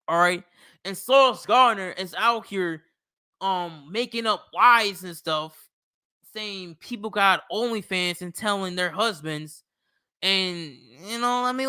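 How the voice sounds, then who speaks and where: A man's voice: high voice, pushed and bright, no room sound, clean studio sound. A man hosting sports talk, ranting heatedly with profane trash talk.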